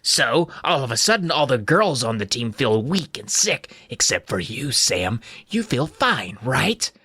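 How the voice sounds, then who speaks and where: A hoarse, spiteful teenage girl, weak and worn down, jabbing out her accusations, as a man puts her on while reading a storybook aloud. Her voice rides higher than his own and swings lively through each line. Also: a little slow, no room sound, exaggerated voice. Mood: accusing.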